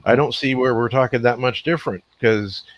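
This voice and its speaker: A man's voice: medium pitch, a little fast, dry recording. A man, chatting loosely on a podcast and telling stories in fits and starts. His voice comes through a dull, lo-fi line. The sound is dry and close, with no room around it. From Nova Scotia, Canada. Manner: rambling, stop-start storytelling. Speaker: podcast co-host. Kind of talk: casual chat.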